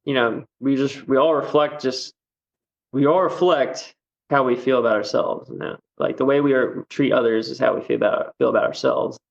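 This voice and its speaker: A man's voice: mid-range voice, fairly even intonation, moderate pace, gravelly, highs cut off. A man chatting as a podcast guest, rambling with lots of fillers and easy laughs. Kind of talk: casual podcast chat.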